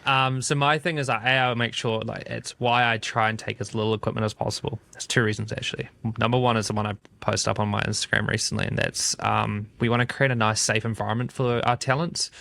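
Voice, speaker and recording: A gravelly man with a New Zealand accent talks shop in a casual podcast chat. He is animated and slips into quoted voices. The sound is close and dry. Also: lowish voice, quick pace, few pauses, no room sound. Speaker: podcast guest, video studio founder.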